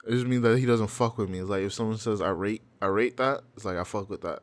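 A man's voice: fairly low pitch, fast. A young man co-hosting a casual chat about music videos, explaining things in a loose, profane, laughing way. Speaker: podcast co-host.

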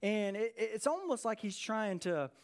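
Male pastor, high-pitched, lively conversational sermon delivery. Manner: energetic, conversational preaching with dramatic pauses.

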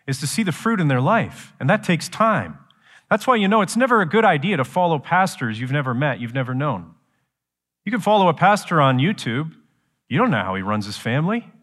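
A man preaching a sermon as pastor, shifting from quiet explanation to loud, slow, emphatic lines. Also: mid-range voice, big-room sound.

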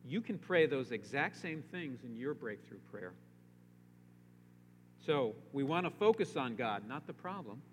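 A man's voice: mid-range voice, sing-song, unhurried. A man preaching a sermon as pastor, emphatic, with his voice rising on pleading rhetorical questions. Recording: long reverb, faint hum.

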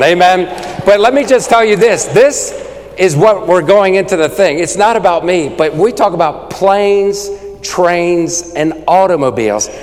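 A man preaching a sermon, rattling off lists fast and calling for responses from the congregation. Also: sits high, big-room sound. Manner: rapid-fire, call-and-response with the crowd. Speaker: evangelist preacher.

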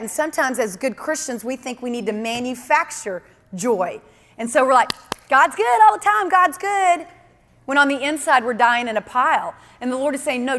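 High-voiced woman preaching in a hall. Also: fairly bright tone. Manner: earnest, emphatic, repeats key phrases. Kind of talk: sermon.

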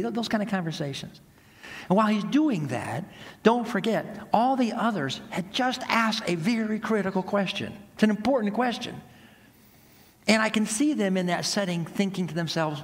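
A man preaching a sermon in a relaxed, conversational way, acting out the voices of people in the stories he tells. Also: a little high, normal speed, long reverb tail. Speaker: pastor.

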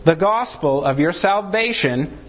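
A man preaching a sermon, acting out short exchanges and punching key words for emphasis. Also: measured pace. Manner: animated preaching, swings pitch widely for emphasis; acts out short dialogues between God and a sinner. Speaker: pastor.

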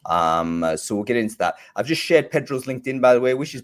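A man hosting a live online show, chatty and filled with ums and uhs, talking from a room by a bright window. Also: mid-range voice, quick pace, hardly any pauses. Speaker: host.

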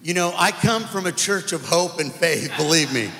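A man giving a sermon testimony, telling a story that builds to loud, emphatic moments, recorded live in a large church. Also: fairly high pitch, animated, moderate pace, creaky. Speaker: guest preacher. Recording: live church hall reverb.

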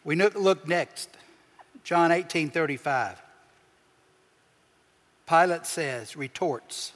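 A man preaching a sermon as pastor, with emphatic swings in pitch and loudness as he acts out the people he quotes. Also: slow, pauses often. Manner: preaching with emphatic shifts, acting out quoted voices. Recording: long hall reverb.

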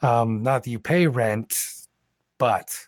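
A man's voice: mid-range voice, slow pace, dry recording. A man narrating as game master of a tabletop game, rambling casually with many fillers.

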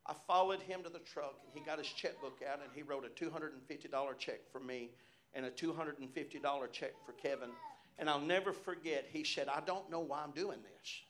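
A middle-aged man preaches a sermon from the pulpit as a pastor, sharing personal stories and dotting his phrases with repeated amens. His voice is fairly high, slightly fast, and somewhat bright.

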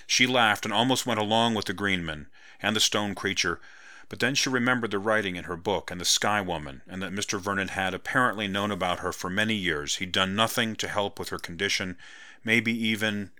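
A man narrating a novel as an audiobook, in a steady, even storytelling manner. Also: lowish voice, a little fast, no echo, studio quality. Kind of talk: scripted narration.

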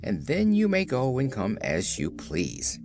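A man's voice: medium pitch, wildly swooping pitch, a little slow, music in the background. A man voicing a proud one-legged male hopping champion in a storybook, in an earnest, formal manner.

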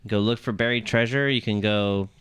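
A man's voice: on the low side, fairly even intonation, moderate pace, over a noisy crowd. A man guest who streams games, talking casually with short laid-back answers. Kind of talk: casual chat.

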